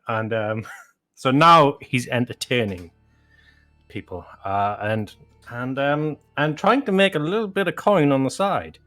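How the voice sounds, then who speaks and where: A man's voice: medium pitch, fairly bright tone. A man playing a tabletop game who describes his character casually, laughing often and swearing freely. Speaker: player.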